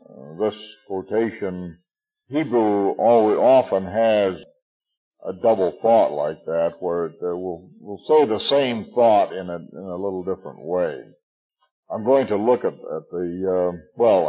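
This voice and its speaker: A man in his sixties teaching a relaxed Bible study, halting with many fillers and chuckling at his own jokes. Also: deep voice, slightly rough, highs cut off. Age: 60s.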